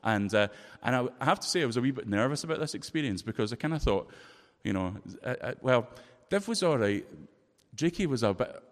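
A man with a Scottish accent preaching a sermon, telling a personal story in a lively, expressive way. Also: medium pitch, brisk. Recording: long reverb of a large hall.

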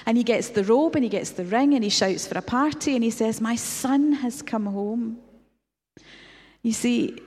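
A woman's voice: a little high, gravelly, a little mellow. A woman preaching a reflective sermon, retelling a story with rhetorical questions. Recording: long hall reverb.

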